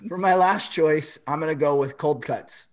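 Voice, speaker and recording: A man in casual group banter, easygoing and low-key. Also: a little slow.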